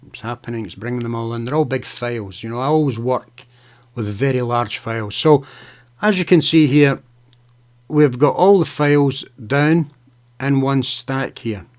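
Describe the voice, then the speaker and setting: Man giving a casual live software tutorial. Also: mid-range voice, normal speed. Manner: casual, talks to viewers by name, fillers and okays. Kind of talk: live screen-share tutorial.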